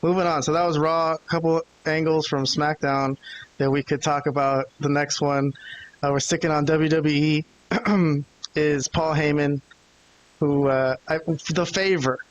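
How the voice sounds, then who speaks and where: A man's voice: a little high, unhurried, lo-fi sound. A man co-hosting a podcast, recapping the week casually and acting out what people said. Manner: animated storyteller, acting out quotes. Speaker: podcast co-host. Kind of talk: casual wrestling recap chat.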